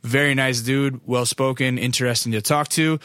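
A laid-back American man talks on his podcast in an easy, rambling way, dropping casual swears as he goes. His voice is mid-pitched and recorded close, with a dry sound and no room around it. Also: steady tone, moderate pace, a bit bright, no echo. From United States. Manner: rambling, profane, loose storytelling. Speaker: podcast host. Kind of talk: casual podcast monologue and interview.

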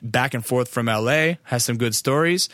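A laid-back American man talks on his podcast in an easy, rambling way, dropping casual swears as he goes. His voice is mid-pitched and recorded close, with a dry sound and no room around it. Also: normal speed, fairly bright tone, dry recording. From United States. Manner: rambling, profane, loose storytelling. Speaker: podcast host. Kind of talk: casual podcast monologue and interview.

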